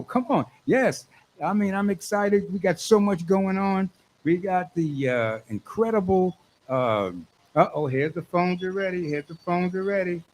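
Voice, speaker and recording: A radio host in a studio, this man sounds excitable and keeps repeating his lines for emphasis. His voice sits fairly high, and the audio quality is poor.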